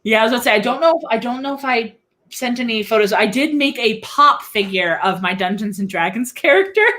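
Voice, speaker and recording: A young woman, a music teacher and guest, chatting excitedly on a video call. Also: a little fast. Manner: chatty, excitable, breaks into sung and squeaky bits. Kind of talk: casual interview chat.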